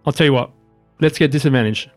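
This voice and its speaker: A man runs a tabletop game in an easygoing voice of middle pitch. He narrates the action and calls for rolls, laughing easily between turns. Faint music plays behind him. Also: fast, no room sound. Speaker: game master.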